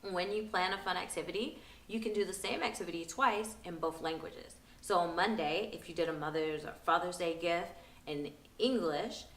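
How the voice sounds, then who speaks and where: A woman's voice: on the low side, normal speed. A young woman giving parenting tips in a casual, upbeat vlog, chatty and laughing easily. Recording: roomy echo.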